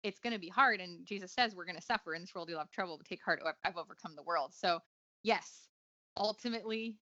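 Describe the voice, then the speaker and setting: A woman's voice: fairly low pitch, fast, sharp tone, dry recording, lo-fi sound. A woman talking earnestly and reflectively in an interview, with frequent fillers and restarts. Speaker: guest author. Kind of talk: conversational interview.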